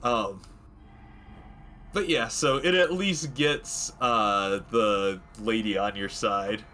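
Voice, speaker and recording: A man's voice: on the low side, takes it slowly, sharp tone, slight background noise. A man casually commenting while playing a video game, rambling with many fillers and frequent chuckles. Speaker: let's play gamer.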